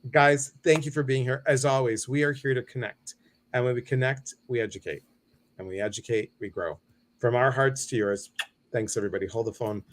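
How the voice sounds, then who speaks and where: A man's voice: medium pitch, steady tone, brisk, slight background noise. Playful man hosting a livestream. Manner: playful, joking, flustered. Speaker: host. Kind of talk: casual livestream talk.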